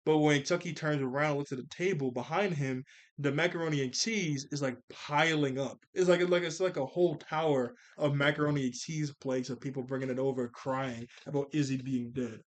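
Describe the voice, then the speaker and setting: A man casually recapping a cartoon episode on camera, animated and slangy, laughing often and leaning on "like". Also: on the high side, fairly quick. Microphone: camera mic.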